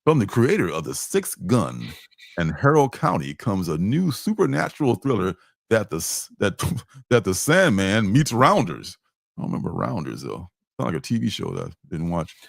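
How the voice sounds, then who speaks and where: A man's voice: on the low side, very animated, moderate pace, gravelly, no echo, clean studio sound. A man hosting a comic book livestream, chatting casually, joking and rambling with frequent chuckles. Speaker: livestream host.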